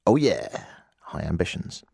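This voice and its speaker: A British man in his forties spins a self-mocking story on talk radio, his pitch leaping up and down as he goes. He speaks into a dry, close studio mic. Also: sing-song, a little slow, vocal fry, a little mellow, slightly rough, dry recording. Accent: British English. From Britain. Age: 40s. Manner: wry, self-mocking, swings high for emphasis. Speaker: radio talk show host. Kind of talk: animated storytelling monologue. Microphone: studio microphone.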